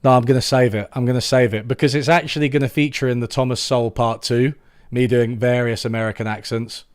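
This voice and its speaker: A young man talks casually to a live-stream audience, sarcastic and amused, breaking off into restarts. His voice sits at an ordinary middle pitch. The sound is dry and close, with no room around it. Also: steady tone, fast talker, no room sound. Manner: sarcastic, laughing, trailing off into restarts. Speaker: YouTube channel host.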